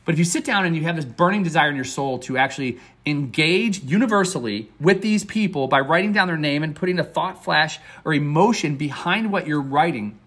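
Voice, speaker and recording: A man's voice: on the high side, a little fast, hardly any pauses, a bit bright, breathy edge. A man hosting a motivational podcast as a success coach, talking in an upbeat, earnest, conversational way with fillers and restarts.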